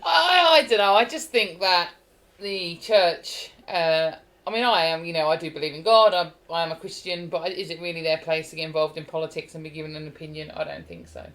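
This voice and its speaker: A woman joins a political podcast discussion and gives her views in a loose, chatty way, full of fillers and restarts. Her voice sits somewhat low for a woman. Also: fairly quick, a bit bright, rough recording. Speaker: podcast guest.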